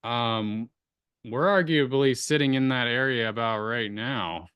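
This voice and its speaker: A man's voice: mid-range voice, a little slow, clear, resonant tone, dry recording, highs cut off. A man hosting a casual chat, talking through a chart he shares on screen, with many fillers and restarts. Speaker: crypto astrology show host.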